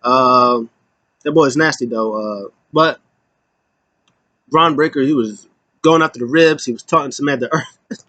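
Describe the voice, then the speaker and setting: A man casually recapping a wrestling show, rambling and animated, with lots of fillers. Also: medium pitch, moderate pace, pauses often, dry recording.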